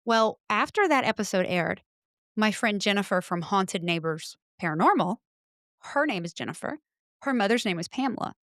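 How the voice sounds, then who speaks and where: A middle-aged woman, a podcast guest, telling a spooky personal story in casual chat, breaking into loud quoted exclamations. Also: medium pitch, animated, moderate pace, dry recording, clean studio sound.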